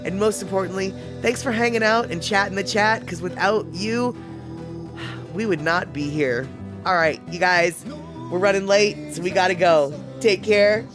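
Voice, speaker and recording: A woman's voice: mid-range voice, moderate pace, over music. A woman hosting a live stream, chatting casually and rambling with lots of fillers. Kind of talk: casual chat.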